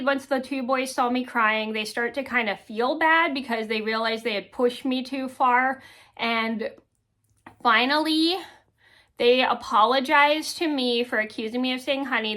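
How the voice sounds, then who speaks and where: Bright-voiced woman rambling through a story. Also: fairly high pitch, measured pace. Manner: rambling, many ums and restarts. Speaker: vlogger. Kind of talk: casual storytelling to camera.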